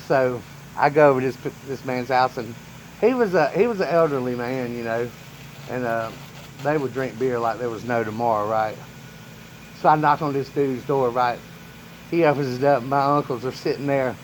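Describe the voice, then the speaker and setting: A man's voice: medium pitch, moderate pace, a little hiss or hum, low-quality recording. A man in a casual storytime vlog, rambling through family memories and chuckling often. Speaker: vlogger telling family stories.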